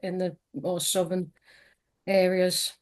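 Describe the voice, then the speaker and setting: A woman's voice: fairly low pitch, level tone, slow pace, darkish tone. Sing-songy Scouse woman. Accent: soft south Liverpool Scouse. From Liverpool, England. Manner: sing-songy, chatty, many fillers. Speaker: interview guest. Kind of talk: casual interview chat.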